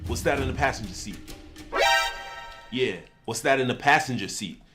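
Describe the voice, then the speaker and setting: A man's voice: mid-range voice, moderate pace, fairly bright tone, soft background music, natural voice. A man playing a cashier and then a cop in a comedy skit, teasing the other guy in a mocking, playful way.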